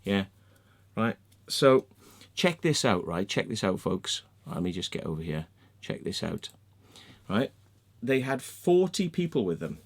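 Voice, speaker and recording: A man's voice: on the low side, sing-song, a little slow. A man with an English accent, ranting heatedly in a sweary monologue and tagging his points with "yeah?" and "right?". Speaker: video blogger.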